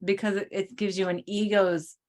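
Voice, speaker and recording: A woman co-hosting a casual spiritual talk over a video call, chatty, full of fillers, and quick to laugh. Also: medium pitch, level tone, darkish tone. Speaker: co-host.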